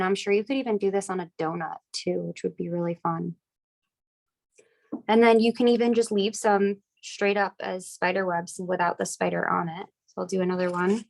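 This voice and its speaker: A young woman with a cold leads a casual step-by-step decorating lesson. Her mid-pitched voice carries a gravelly fry, and she keeps an easy, chatty, upbeat tone. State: getting over a cold, coughing. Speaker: craft class instructor.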